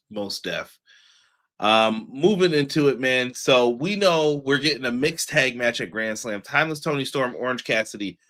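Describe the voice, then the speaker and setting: A young man reviewing a wrestling show in casual chat. His voice sits in the middle range, slangy and animated, and he laughs easily between his picks. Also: medium pitch. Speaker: podcast co-host.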